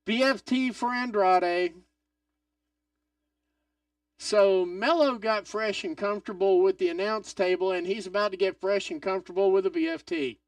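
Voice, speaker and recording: A man hosting a live wrestling watch-along stream, excitable and swearing, swinging from loud outbursts to mutters. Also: high-pitched, normal speed, no room sound, far from the mic.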